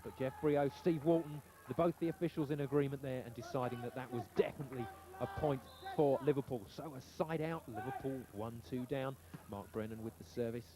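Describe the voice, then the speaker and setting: A man calling live play-by-play sports commentary in brisk, excited calls. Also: mid-range voice. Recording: old TV broadcast with audible noise.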